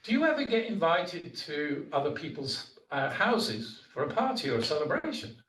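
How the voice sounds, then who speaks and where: A man voicing a calm, patient male sage of ancient India who speaks in a gentle, measured way, in a story told during a sermon. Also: on the high side. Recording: roomy hall, voice from a distance.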